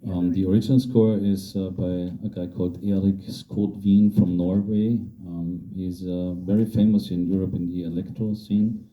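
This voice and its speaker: A man answering audience questions about his film at a post-screening Q&A, speaking in hesitant, measured answers with fillers. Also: sits low, level tone, mellow.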